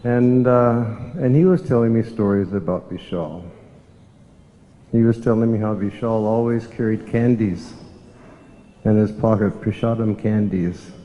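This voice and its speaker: An older man from the States, telling reflective stories in a devotional memorial talk, unhurried and reminiscing. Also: lowish voice. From Southern United States. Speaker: monk giving a memorial talk. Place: temple hall. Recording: echoey hall, dull lo-fi sound.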